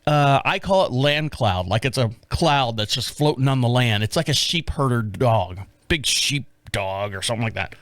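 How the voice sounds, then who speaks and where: A man in his fifties hosting his own show, telling a rambling story from his rural life with lots of swearing, acting out his own shouting in a high, loud voice. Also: moderate pace, few pauses, no room sound. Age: 50s. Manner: profane, animated storyteller who acts out his own yelling. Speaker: podcast host. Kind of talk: casual solo storytelling.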